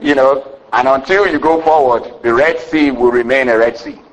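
A man preaching a sermon to a congregation, calling for amens and rising to excited shouts. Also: mid-range voice, moderate pace, rough recording. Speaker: pastor.

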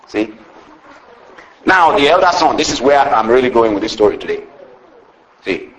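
A man preaches a sermon, retelling a parable with lively storytelling and asking "see?" after each point. His mid-range voice moves at a moderate pace, the audio sounds dull, and the room has a roomy echo.

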